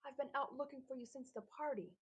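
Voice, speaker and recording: A woman voicing a burly, emotional middle-aged father who talks loudly. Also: high-pitched, fairly quick, husky, voice pushed up. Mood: relieved.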